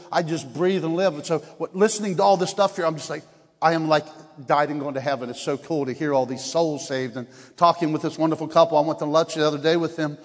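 A man preaching as an evangelist at a church service, energetic and laughing often, swinging between shouts and hushed tones. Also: fairly high pitch. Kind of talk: revival sermon. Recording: long hall reverb.

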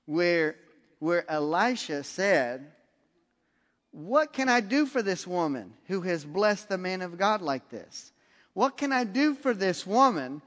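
A man preaching a sermon, retelling a story with lively acted-out dialogue. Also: high-pitched, slow pace. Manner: animated, acts out dialogue in the story. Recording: long reverb of a large hall.

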